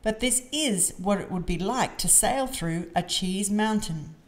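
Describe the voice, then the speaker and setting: A woman's voice: medium pitch, measured pace, close to an everyday voice. A woman reading a storybook aloud, voicing a cheerful female rabbit who guides the children around like a tour guide. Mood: explaining. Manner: announcing, bright tour-guide tone.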